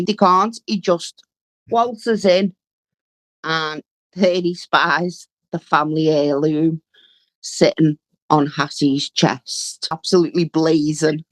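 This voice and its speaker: A woman co-hosts a chatty podcast, walking through a sitcom plot at a very unhurried pace. Her voice is mid-pitched and the recording is dry, with little room sound. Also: steady tone, no echo. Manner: slow, storytelling delivery. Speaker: podcast co-host. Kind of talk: casual chat recapping a sitcom episode.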